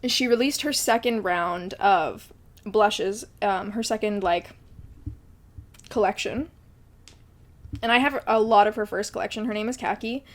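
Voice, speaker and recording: A woman's voice: medium pitch, a little slow, pauses often. A young woman co-hosting a podcast, chatting casually, swearing and laughing often. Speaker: podcast co-host. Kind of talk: casual chat.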